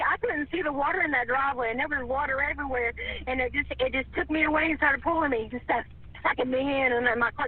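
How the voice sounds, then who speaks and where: A woman's very high voice comes through a thin, tinny phone line. She is frightened and tearful, stammering and pleading for help in a panicked rush. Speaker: emergency caller. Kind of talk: recorded emergency call.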